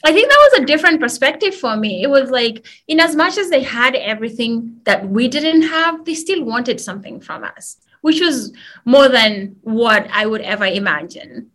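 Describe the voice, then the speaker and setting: A young woman from Kenya, a guest in an interview, telling stories in a casual, lively way and acting out the dialogue. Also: on the high side.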